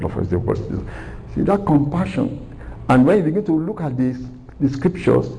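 A man's voice: mid-range voice, mellow, poor audio. A man preaching a sermon, earnest and repeating phrases for emphasis.

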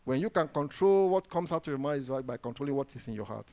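A man delivers a sermon, quoting and reading scripture as he shifts from hushed, low asides to loud declarations, stretching words out for emphasis. He's expressive and talks fast.

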